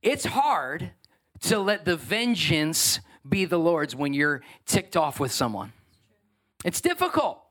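A man preaching a sermon as pastor, emphatic and animated. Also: a little high, slow pace.

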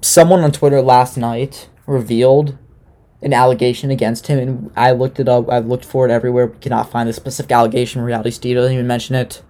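Casual sarcastic man with a mellow voice. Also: medium pitch, flat delivery, fast. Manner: loose, sarcastic, swears casually. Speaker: podcast host recapping a reality dating show. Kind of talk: casual chat.

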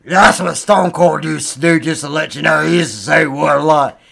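A man voicing a loud, dim-witted male wrestler who shouts in a gravelly growl. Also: a little high, fairly even intonation, moderate pace, heavily acted. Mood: confused. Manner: bellowing, growled catchphrases.

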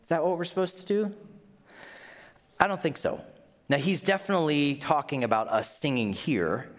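A man's voice: fairly high pitch, normal speed. A man with a Midwestern accent preaching a sermon as pastor, conversational, putting questions to the congregation and acting out little scenes in mock voices.

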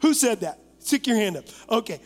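High-voiced pastor preaching in a reverberant church. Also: male voice, a little fast. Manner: lively, coaxing the congregation to talk back; acts out imagined voices and doubts. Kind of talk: sermon. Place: church sanctuary, live service.

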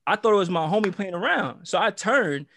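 A young American man casually telling a wild story, animated and full of profane slang. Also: sits high, a little fast, a little hiss or hum. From United States. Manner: animated, profane street slang, acts out quotes.

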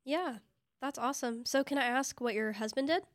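A woman hosts the interview in a slightly raised voice, upbeat and quick to affirm. She asks her questions simply and keeps the chat moving. Her mic sounds close and dry. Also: high voice, dry recording. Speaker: podcast host.

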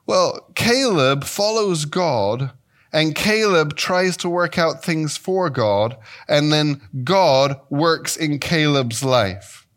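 Taking things slowly, a man from England in his fifties delivers a sermon as a guest Bible teacher. He stays animated and playful, often varying his pitch and pace.

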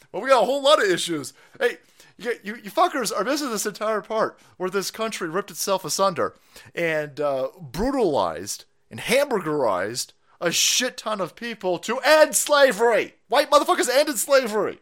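A male streamer with a high-sitting, slightly bright voice delivers a profane political rant on a livestream. His pitch swings hugely at a moderate pace as he mocks, curses, and swears constantly.

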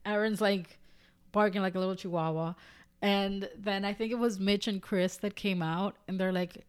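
Chatty woman podcast co-host, clear voice. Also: mid-range voice, steady tone, moderate pace. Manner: chatty, retells scenes with quoted voices, swears casually. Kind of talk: casual chat.

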